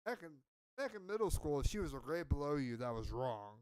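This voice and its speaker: Male podcaster, casual profane storyteller, a bit high-voiced, dry close sound. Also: sing-song, brisk, darkish tone, clean tone, no echo. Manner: profane, rambling, self-mocking. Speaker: podcast co-host.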